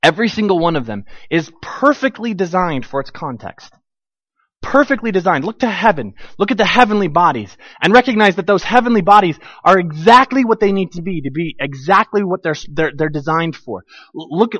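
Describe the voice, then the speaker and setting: A middle-aged man preaching a sermon with a fairly high voice, animated and storytelling, acting out the people he quotes. The sound is dry and a little dull, with no room echo. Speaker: pastor.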